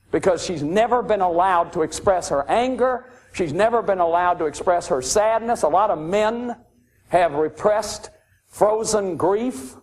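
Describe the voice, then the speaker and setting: High-voiced man giving an emphatic lecture. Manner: emphatic, repeats key phrases. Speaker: lecturer on addiction and recovery.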